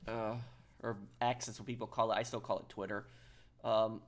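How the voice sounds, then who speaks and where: A man with a lowish voice and flat delivery streams a video game, chatting casually with viewers. His speech is halting, he often repeats words, and he pauses to read chat comments aloud.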